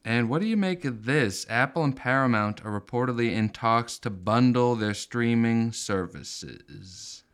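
A man co-hosting a comedy podcast, riffing crudely in a deadpan way. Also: mid-range voice, unhurried, hardly any pauses. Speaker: podcast co-host. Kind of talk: casual comedic chat.

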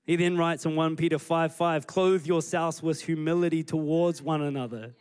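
A man delivers a church sermon. He reads scripture and then retells it, voicing the characters' lines in a fairly high, expressive voice. The tone is of a preacher speaking to a congregation. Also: normal speed, clean tone. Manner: animated storytelling, acting out scripture scenes. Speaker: pastor.

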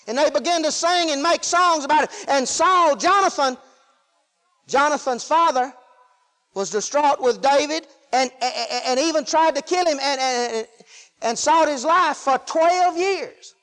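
High-voiced preacher in a reverberant hall. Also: male voice, unhurried. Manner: folksy, swings from shouting to hushed asides. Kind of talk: sermon.

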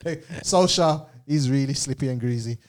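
A man co-hosting a show, chatting casually and jokily about football in fast slangy banter. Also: mid-range voice. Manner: fast, animated, jokey, slangy. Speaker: co-host.

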